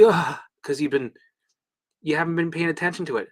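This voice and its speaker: A man's voice: a little high, fairly quick. A man talking casually as a recovery coach, blunt and swearing freely, acting out his own past reactions. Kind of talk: casual monologue.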